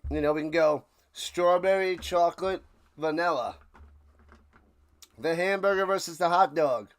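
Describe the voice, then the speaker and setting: Unhurried man calling a game live. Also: a little high. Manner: rambling chatter with sudden shouted play calls. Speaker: watch-along streamer. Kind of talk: live watch-along play-by-play commentary.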